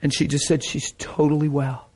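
A man preaching a sermon, telling a testimony story with excitement, laughing often and repeating phrases. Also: fairly high pitch, moderate pace, a little hiss or hum.

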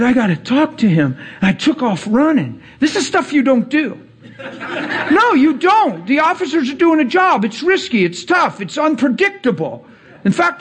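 A man preaching, telling a personal story with acted-out dialogue and emphatic rising passages. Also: slightly rough. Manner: animated, acts out dialogue, rises to emphatic highs. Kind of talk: sermon storytelling.

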